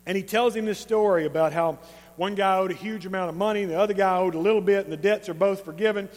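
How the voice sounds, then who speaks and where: A high-voiced preacher with an East Texas accent delivers his sermon. He is conversational and emphatic, telling the story in an animated way. His voice carries with a long reverb through a big hall. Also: quick pace. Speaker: pastor.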